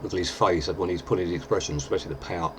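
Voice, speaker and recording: Guy with a really deep low voice, laid-back chatty makeup how-to, lots of ums, faint hiss behind. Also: racing. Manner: relaxed, chatty, with fillers. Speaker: lookalike performer giving a tutorial. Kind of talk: casual makeup tutorial.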